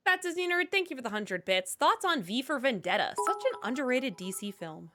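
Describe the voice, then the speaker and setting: A woman's voice: high-pitched, sing-song, a little fast, music in the background. A woman co-hosting a live stream, reading viewer donations and questions aloud.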